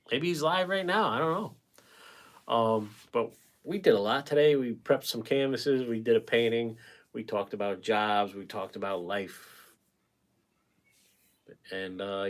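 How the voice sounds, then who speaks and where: A man hosting a painting livestream, chatting casually and rambling as he reads out viewer comments and answers them. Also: medium pitch. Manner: talkative, chummy with viewers.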